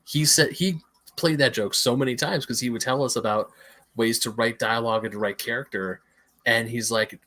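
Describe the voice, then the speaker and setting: A man's voice: mid-range voice, normal speed, bright, forceful tone. A man co-hosting a podcast, telling an anecdote in casual film chat. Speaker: podcast co-host.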